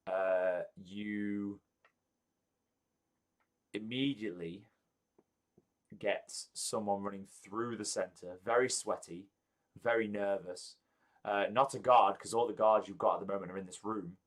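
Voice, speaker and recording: Lower-voiced man narrating a tabletop game. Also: fairly even intonation. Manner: halting, many ums and restarts. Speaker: game master.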